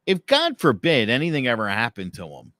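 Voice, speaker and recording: A man co-hosting a casual podcast, telling animated stories. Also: medium pitch, fairly quick, no echo. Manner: animated storyteller who acts out dialogue. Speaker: podcast co-host.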